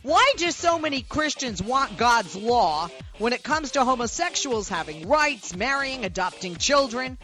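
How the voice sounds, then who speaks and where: A Boston-accented woman hosts a talk radio show, ranting sarcastically and firing off rhetorical questions. Her voice is bright and swings widely in pitch, and faint music sits under her talk. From Boston area. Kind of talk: opinionated talk radio monologue.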